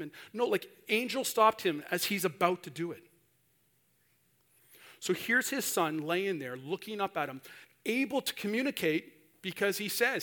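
A man's voice: high voice, expressive, moderate pace, fairly bright tone. A male preacher giving a sermon, telling a story animatedly and acting out the voices of the people in it.

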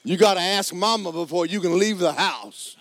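A man preaching a sermon, swinging from loud exhortation to quiet, joking asides. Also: high-pitched, lively intonation, normal speed, gravelly.

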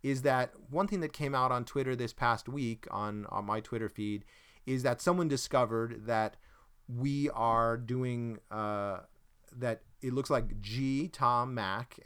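A man's voice: medium pitch, a bit bright, smooth. A man hosting a casual chat, rambling and searching for words, with self-deprecating jokes. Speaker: podcast host.

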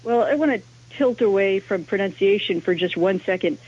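A woman's voice: medium pitch, normal speed, a little mellow, slightly rough. A woman academic, a language historian, explaining her subject as a radio interview guest. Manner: explanatory, lecturing. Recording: dull lo-fi radio sound.

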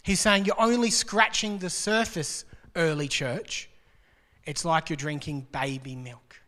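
Male preacher, higher pitched, loose conversational sermon with jokes, crisp forward tone. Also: steady tone, measured pace, sharp tone. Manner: conversational and joking, with rhetorical questions. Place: church hall. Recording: long reverb of a large hall.

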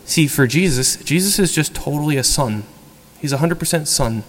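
A man preaching a homily in a relaxed, conversational way, acting out quotes with lively energy. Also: a little high, moderate pace, in a large hall. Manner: conversational, animated, acts out quotes. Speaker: priest. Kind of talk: sermon. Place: church.

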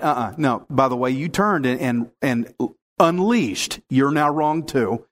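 A man's voice: lively intonation, unhurried. A man preaching a sermon, talking earnestly and conversationally as he reads and explains scripture and acts out voices. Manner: drops low and soft in prayer. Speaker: pastor teaching the Bible. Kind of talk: sermon with prayer and Bible reading.

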